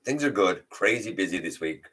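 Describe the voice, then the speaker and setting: Low-voiced guy with a bright punchy tone, chatty livestream host reading chat and saying hi to everyone. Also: lively intonation, fairly quick. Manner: chatty, greets viewers by name, reads chat aloud; rambling with fillers and restarts.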